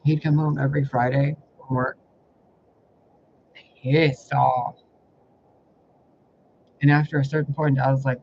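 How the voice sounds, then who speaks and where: A man's voice: mid-range voice, flat delivery, moderate pace, pauses often. A man telling rambling personal stories in a casual vlog, exasperated and heavy on profanity. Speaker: spiritual reader recounting personal life. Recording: dull lo-fi audio with faint hiss.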